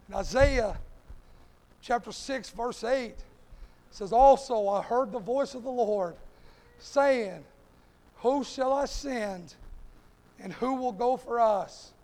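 Preacher guy, really high voice, says hey every other line, big echoey church sound. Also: vocal fry. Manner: impassioned, repeats "hey" constantly. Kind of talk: sermon. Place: church sanctuary. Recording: long hall reverb.

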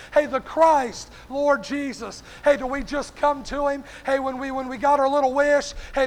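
Male preacher, very high voice, fervent evening sermon, punctuates lines with "hey", calls out congregation members by name. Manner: fervent, peppers phrases with "hey"; addresses listeners by name.

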